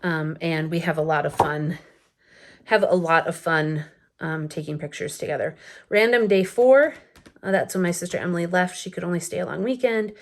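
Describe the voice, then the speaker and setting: A woman's voice: fairly low pitch, moderate pace. A woman in her thirties chatting casually through a photo album flip-through late at night, rambling with lots of fillers and little laughs, a bit sleepy. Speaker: scrapbooking vlogger. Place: home at night.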